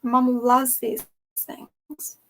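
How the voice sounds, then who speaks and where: A woman's voice: high voice, animated, drawn-out words. A young woman hosting a casual livestream at home, thinking aloud as she sorts her shelves, rambling with lots of "like" and "um". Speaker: booktube host. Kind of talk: casual livestream chat while reorganizing shelves. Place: room at home with bookshelves. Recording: distant mic with faint background noise.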